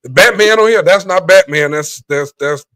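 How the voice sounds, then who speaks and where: A man's voice: high voice, moderate pace, fairly bright tone, clear, resonant tone, no room sound, clean studio sound. A man co-hosting a casual live chat show, telling stories with animation and mimicking other people. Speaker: co-host.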